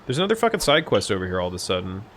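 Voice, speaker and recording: A man's voice: on the low side, huge pitch swings, racing, fairly bright tone, a little hiss or hum. A young man live-streaming a game, chatting casually with lots of swearing and jokes. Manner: casual, profane, joking. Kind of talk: live-streamed gameplay commentary.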